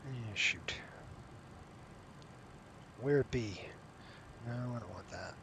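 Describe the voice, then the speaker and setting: A man's voice: fairly low pitch, takes it slowly, vocal fry, noisy background. A man streaming a flight simulator, chatting casually with viewers in a rambling, self-interrupting way while sounding tired and yawning. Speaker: flight sim streamer running a virtual airline. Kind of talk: casual live-stream chat over gameplay.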